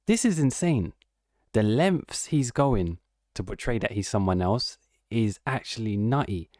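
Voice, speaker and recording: Low-ish guy reacting to clips, mocking and slangy, dead dry close mic. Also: lively intonation, measured pace, a little mellow, dry recording. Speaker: online commentator. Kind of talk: casual reaction commentary.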